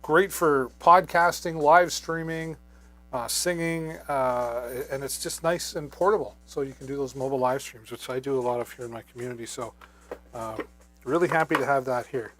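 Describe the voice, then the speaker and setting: A man's voice: medium pitch, normal speed, fairly bright tone, soft background music. A man hosting a live shopping stream on a wireless microphone, talking casually with many fillers. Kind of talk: live product demo.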